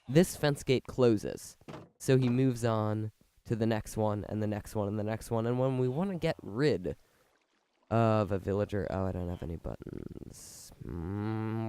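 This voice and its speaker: Excitable sick man narrating gameplay. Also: medium pitch, smooth. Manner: excitable, rambling, explains as he builds. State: sick with a fever, sore when talking. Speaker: video game commentator. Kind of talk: let's-play gameplay commentary.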